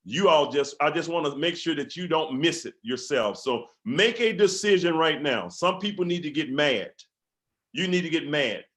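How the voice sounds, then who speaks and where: A man's voice: on the high side, expressive, normal speed, hardly any pauses, a bit bright. A man, a company field leader, giving a fervent motivational speech on a video call, repeating his exhortations and stumbling into restarts.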